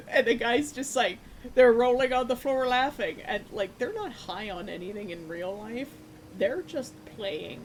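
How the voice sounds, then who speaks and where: A woman's voice: fairly high pitch, measured pace, a little hiss or hum. A woman streamer telling a story in a casual way while she paints, laughing often and acting out the voices of the people in it. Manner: animated, laughing, acts out quoted voices. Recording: lo-fi music playing underneath. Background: lo-fi music.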